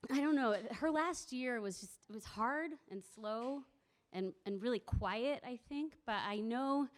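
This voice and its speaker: A young woman telling a personal story to a live audience at a community event, now and then laughing and acting out voices. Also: mid-range voice. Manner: warm, laughing, acts out voices in quotes.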